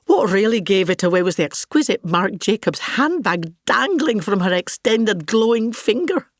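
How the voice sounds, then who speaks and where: A woman's voice: medium pitch, sing-song, moderate pace, no echo, studio quality. A woman with a Scottish accent playing a vain, grandiose older actress in a scripted comic monologue, pompous and gossipy. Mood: grand.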